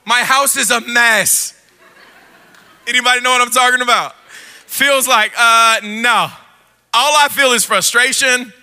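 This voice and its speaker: A man preaching a sermon, playful and animated, acting out scenes with put-on voices and then dropping to quiet intensity. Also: very high-pitched, unhurried, long pauses, clean tone. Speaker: pastor.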